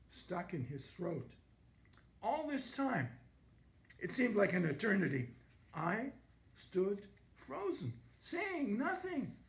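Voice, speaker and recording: A man reading a chapter of his novel aloud in a lively, expressive first-person voice, with halting dramatic pauses. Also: high-pitched, gravelly, echoey room.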